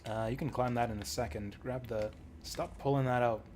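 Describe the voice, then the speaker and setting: A man's voice: medium pitch, fairly even intonation, a little fast, a little mellow, slight background noise. A man streaming a video game, giving casual commentary in a rambling, joking way with frequent chuckles.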